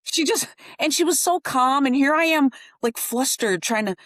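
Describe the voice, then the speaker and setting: A middle-aged woman co-hosting a podcast, telling stories in a casual, animated way and laughing often. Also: high-pitched, normal speed, dry recording, clean studio sound. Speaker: podcast co-host. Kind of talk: casual conversation.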